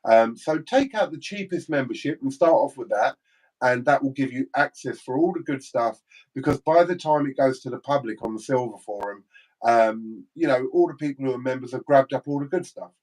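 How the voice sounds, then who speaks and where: A man's voice: medium pitch, lively intonation, a little fast, a little mellow, rough recording. An English man co-hosting a casual livestream, reading out viewer comments and laughing easily. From England. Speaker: livestream co-host.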